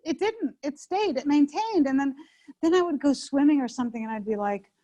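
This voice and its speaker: A woman's voice: sits high, lively intonation, a little fast, dark tone. A middle-aged woman chef chatting in an interview, rambling with many restarts. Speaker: interview guest, home chef. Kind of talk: casual interview chat. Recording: dull lo-fi sound.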